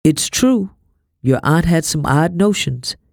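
A woman's voice: deep voice, lively intonation, creaky, a little mellow, no echo, studio quality, full character voice. A woman reading a storybook, voicing a formal, cautious male pastor who evades hard questions. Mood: stiff, formal. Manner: formal, evasive, measured. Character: stiff, cautious man, a pastor.

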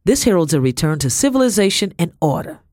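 A man doing a loud, flustered society lady. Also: sits high, big pitch swings, quick pace, no room sound, studio quality, voice pushed up. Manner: loud, wobbling.

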